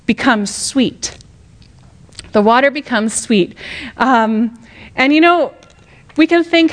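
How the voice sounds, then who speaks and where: A middle-aged woman giving a conversational Bible teaching, animated and full of rhetorical questions, sometimes acting out quotes with drama. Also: high-pitched.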